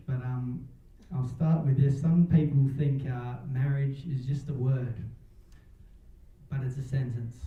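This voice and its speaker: A man giving a wedding toast, joking and chuckling between lines and telling a story. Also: mid-range voice. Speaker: wedding speech giver. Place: wedding reception hall. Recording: distant, roomy, dull-sounding hall.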